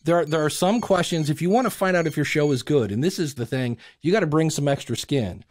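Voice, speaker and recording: A man chatting on a podcast, his voice sitting a bit high as he bounces through anecdotes. He acts out little quoted exchanges with energy. The sound is dry and close. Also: quick pace, dry recording. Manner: animated storyteller acting out quotes. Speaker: podcast guest and coach. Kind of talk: casual podcast chat.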